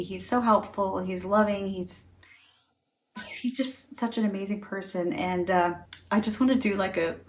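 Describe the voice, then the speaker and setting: A middle-aged woman in a casual talk to camera, chatty and earnest, laughing often. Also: medium pitch. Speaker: beauty vlogger.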